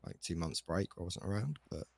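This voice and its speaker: This is a man doing a chatty shop manager in a role-play game, talking in a loose, rambling way full of fillers. The voice sits low with a gravelly edge. It is recorded close, with a dry, dead sound. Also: animated, a little fast, no echo, heavily acted. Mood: easygoing. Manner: rambling, filler-heavy and easygoing. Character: laid-back male shop manager, chatty. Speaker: shop chief operating officer.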